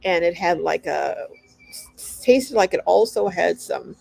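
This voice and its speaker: A woman's voice: lowish voice, animated, unhurried, gravelly, a little mellow, no echo. Chatty woman greeting live viewers. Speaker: livestream host reading viewer comments. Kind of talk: casual live chat.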